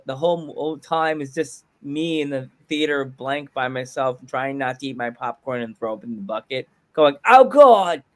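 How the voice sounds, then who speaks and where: A man hosting a podcast in casual chat, playful and jokey, laughing at himself. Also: on the high side. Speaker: podcast host.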